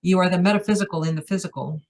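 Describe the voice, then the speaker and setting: A woman delivers a channeled spiritual message, speaking for a group of elders as "we". Her tone is playful and a little teasing, and her phrasing is unhurried and contemplative. Her voice sits slightly low. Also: a little mellow. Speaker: trance channel.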